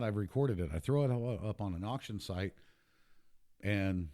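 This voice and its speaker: A man's voice: lowish voice, dark tone. A man hosting a show, talking in a casual, emphatic monologue, repeating himself and getting worked up. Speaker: podcast host.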